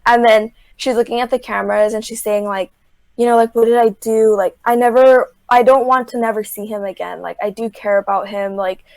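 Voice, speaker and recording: With a fairly high pitch, vocal fry and a brisk pace, a young woman on a podcast casually runs through a reality show, and there's no room sound. Her speech is full of "like," and she performs people's lines as she goes.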